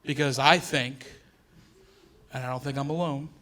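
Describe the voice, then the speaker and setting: A comedian putting on a furious woman activist who seethes in a low, quiet mutter, lower than his own voice. She sounds indignant. She keeps her voice held down. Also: steady tone, normal speed, close to an everyday voice. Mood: seething.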